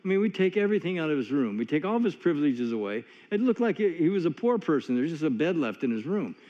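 A man's voice: a little high, sing-song, fast, mellow. Folksy preacher man in a reverberant hall. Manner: folksy, conversational storytelling with many asides. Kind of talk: sermon with personal stories. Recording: long hall reverb, dull lo-fi sound.

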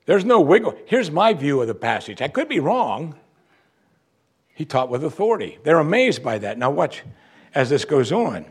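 A man's voice: mid-range voice, sing-song, normal speed, pauses often, slightly rough. A man, a pastor, preaching an expository sermon in a conversational way and acting out quotes from the text.

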